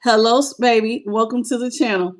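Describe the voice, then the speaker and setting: A woman gives a live tarot reading, greeting chat viewers by name while she jokes, laughs often, and sings snippets. Her voice is fairly high, steady in tone, and brisk.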